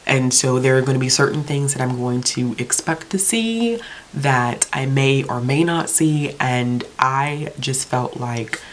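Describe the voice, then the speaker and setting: A woman casually reviewing a book on her channel, talking with passion, ranting a little, with many fillers and restarts. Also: low-pitched. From Jamaican heritage. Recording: faint hiss.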